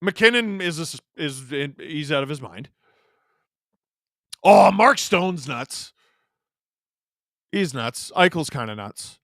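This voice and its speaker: High-voiced sarcastic male stream host. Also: expressive, slow pace, pauses often, fairly bright tone, dry recording, clean studio sound. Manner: sarcastic, joking banter. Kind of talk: casual watch-along commentary, reading chat.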